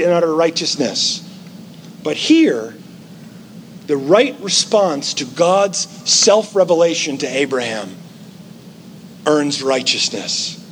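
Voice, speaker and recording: High-voiced man preaching conversationally. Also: a little hiss or hum. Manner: conversational preaching with playful asides. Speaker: pastor. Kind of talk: sermon.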